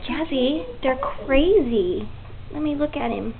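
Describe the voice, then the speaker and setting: A woman with a high, lively voice talks at an unhurried pace, chatting, laughing and coaxing the puppies at home. The sound is thin and phone-like, with steady noise behind her. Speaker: pet owner filming puppies. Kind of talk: casual home video chat. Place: indoors at home. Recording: tinny, noisy home video.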